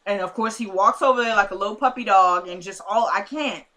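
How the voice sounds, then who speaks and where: A woman's voice: medium pitch, fairly quick, pushed and bright. A woman casually recapping a TV episode in a chatty way, with sassy asides, retelling scenes through quoted dialogue.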